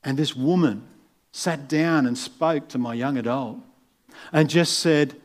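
A man's voice: fairly high pitch, a little slow. A man, a pastor giving a conversational sermon and acting out the voices in his story. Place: church.

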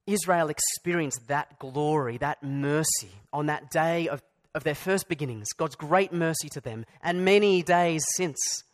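Male pastor, fairly high voice, chatty sermon full of asides and restarts. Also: a little slow, few pauses. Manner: conversational with asides and repeated restarts.

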